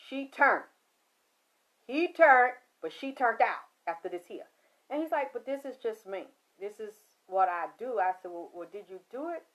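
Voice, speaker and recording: Woman host spinning a story, animated and emphatic, a bit high, muffled lo-fi audio. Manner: animated, retelling a man's words with emphatic quotes. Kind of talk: storytelling monologue. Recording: dull lo-fi sound.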